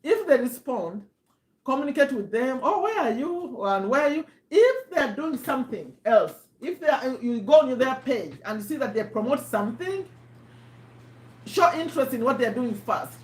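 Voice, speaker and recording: Woman host, high voice, live stream teacher, repeats herself, echoey room. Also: big pitch swings, normal speed, a little mellow. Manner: chatty, repeats herself, quizzes her audience. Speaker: host teaching online marketing.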